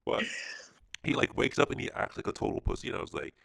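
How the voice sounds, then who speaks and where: Male podcast co-host, strongly gravelly tone, dry close sound, slangy casual chat. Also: mid-range voice, fast, dry recording. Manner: animated, slangy, quotes his own reactions.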